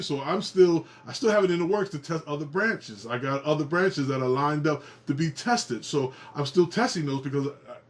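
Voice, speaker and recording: A middle-aged man hosting his own genealogy video, explaining casually to camera in an animated way, often repeating and restarting phrases and swinging his pitch up for emphasis.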